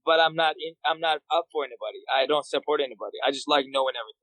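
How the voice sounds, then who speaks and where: A man's voice: on the high side, rapid-fire, fairly bright tone, dry recording, low-quality recording. A man from Turkey, a fighter guest on a casual podcast, sharing eager opinions on politics and on fighters. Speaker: guest, mixed martial arts fighter. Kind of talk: casual chat.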